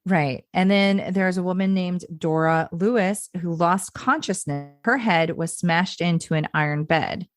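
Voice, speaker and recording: A woman's voice: fairly low pitch, a little slow, hardly any pauses. A woman co-hosting a casual history podcast, telling the story chattily with many fillers, restarts and frequent laughter. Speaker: podcast co-host.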